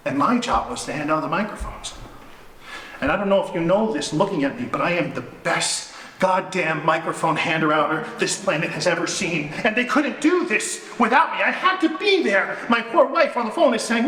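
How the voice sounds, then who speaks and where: A man performing a one-man storytelling show live on stage, acting out the people he quotes and swinging between loud and soft. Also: sits high, lively intonation, moderate pace. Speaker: solo storyteller. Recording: echoey hall, slight room noise.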